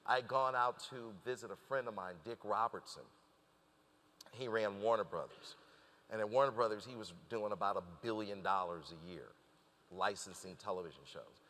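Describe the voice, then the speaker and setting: A man's voice: fairly low pitch, moderate pace, long reverb tail. A man telling a story as a guest in a conversational interview, acting out the lines of the people he quotes. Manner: animated storyteller who acts out quoted dialogue.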